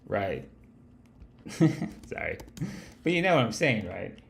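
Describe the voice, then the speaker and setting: A man's voice: fairly low pitch, very animated, slow, gravelly, a bit bright, a little hiss or hum. A man hosting a live market-analysis stream, rambling and cursing freely as he talks straight to his chat. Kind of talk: casual livestream market commentary.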